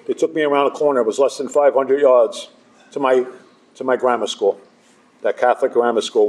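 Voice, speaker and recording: A man's voice: mid-range voice, darkish tone. Man telling his recovery story, joking. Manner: conversational, self-deprecating humor. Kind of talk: storytelling talk to a live audience. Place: hall with a live audience.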